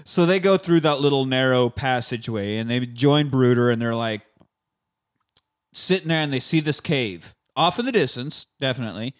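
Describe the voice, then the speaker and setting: A man's voice: medium pitch, animated, a little slow, pauses often. A young man hosting a podcast, casually retelling a film with lots of fillers and swearing. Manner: rambling, profane, uses many fillers. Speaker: podcast host.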